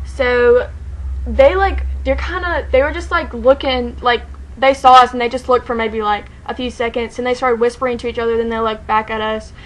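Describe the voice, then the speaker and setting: A woman tells a story straight to camera in a loose, casual vlog. Her voice sits a bit high, and she rambles excitedly, with filler words everywhere and laughter breaking through. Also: poor audio. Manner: excited, rambling, heavy use of "like", frequent laughter. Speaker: fan telling a story.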